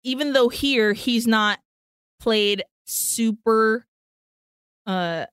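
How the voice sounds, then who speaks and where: A woman co-hosting a podcast, recapping a film in casual chat, animated, swearing freely and acting out the characters' lines. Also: on the high side, extremely slow, smooth, dry recording, clean studio sound. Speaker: podcast co-host.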